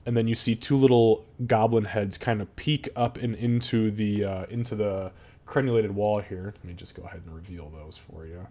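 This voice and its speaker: A man's voice: fairly low pitch, normal speed, warm tone. A man narrating as game master in a casual, profane way.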